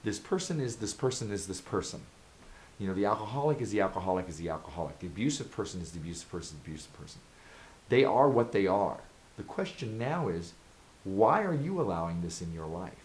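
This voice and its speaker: A man's voice: sits low, big pitch swings, fast talker, darkish tone, slight background noise, rough recording. A man vlogging advice straight to camera, earnest and emphatic, driving his points home with repeated rhetorical questions. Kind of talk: direct-to-camera advice monologue.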